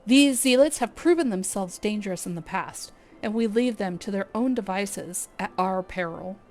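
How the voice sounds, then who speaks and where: A woman's voice: mid-range voice, lively intonation, a little mellow, lightly acted. A woman reading as a stern archer captain. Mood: grave. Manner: formal, measured reading. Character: stern male leader of a forest archer guard. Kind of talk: reading game dialogue aloud.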